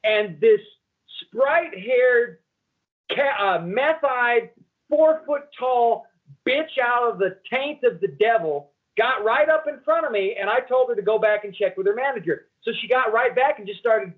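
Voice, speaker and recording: A comedian co-hosting a podcast, telling a crude story in casual chat. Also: male voice, very high voice, animated, measured pace. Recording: tinny phone-like sound.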